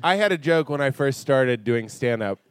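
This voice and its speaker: Male comic guest, bouncy pitch, dry close sound, joking and giggly. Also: animated, normal speed, smooth, no echo. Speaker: guest comedian. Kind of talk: live podcast banter. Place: live stage before an audience.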